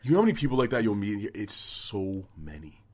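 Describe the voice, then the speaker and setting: A man co-hosting a podcast in casual chat. He swears a lot, rambles, and talks in an animated way. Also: on the low side, quick pace. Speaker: podcast co-host.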